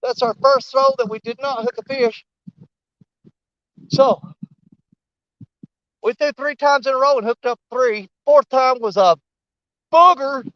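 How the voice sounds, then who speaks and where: A man narrating a fishing trip on a snowy riverbank in a folksy, excitable way, talking straight to his viewers. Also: extremely high pitch, unhurried, long pauses, no echo, lo-fi sound. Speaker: fishing vlogger. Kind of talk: casual outdoor commentary.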